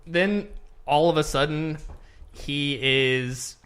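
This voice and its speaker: A young man co-hosting a casual podcast, retelling a film plot in animated detail and acting out the characters' lines. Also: a little high, slow pace, smooth. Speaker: podcast co-host reviewing a movie.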